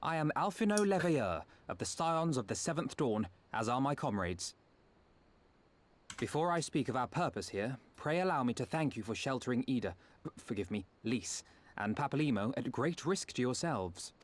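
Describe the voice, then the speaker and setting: Polite formal young scholar dude, a man voicing him, game cutscene, very lively up-and-down intonation. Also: medium pitch, moderate pace, close to an everyday voice. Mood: courteous. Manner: formal, old-fashioned courtesy. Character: young male scholar-diplomat, formal and courteous.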